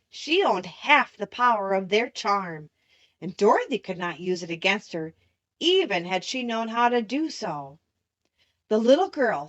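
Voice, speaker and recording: A woman reading a children's classic aloud as an audiobook narrator, steady and clear. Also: medium pitch, dry recording. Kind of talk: scripted storybook narration.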